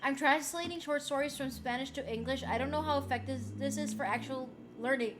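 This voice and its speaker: A young woman chats loosely on her stream and reads out chat messages in a high voice. She swears and laughs easily, and her tone stays relaxed and unscripted. Her throat sounds a little sore. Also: fairly quick. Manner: chatty and loose, swears freely, laughs often. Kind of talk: casual chat stream, reading chat aloud.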